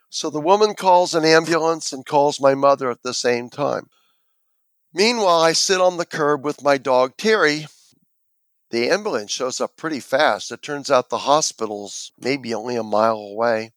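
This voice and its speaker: Animated male storyteller, dry close sound. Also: mid-range voice, moderate pace, no echo. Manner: animated storyteller, acts out quoted voices. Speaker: interview guest.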